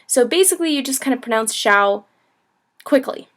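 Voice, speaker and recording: Chatty young woman teaching, high voice. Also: expressive, normal speed. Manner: chatty, lots of "like" and "you know", laughs easily. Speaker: language teacher, travel vlogger. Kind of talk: casual video lesson.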